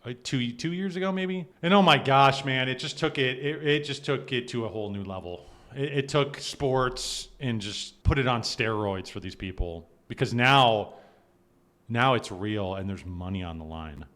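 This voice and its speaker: A man's voice: mid-range voice, moderate pace, fairly bright tone. A man commenting casually on a livestream, conversational and exasperated, laughing often. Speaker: streamer reacting to clips.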